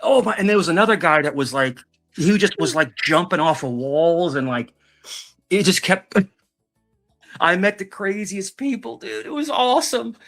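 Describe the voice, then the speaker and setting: A man telling a long rambling story in casual chat, animated and swearing, repeating his words. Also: high-pitched, moderate pace, soft background music.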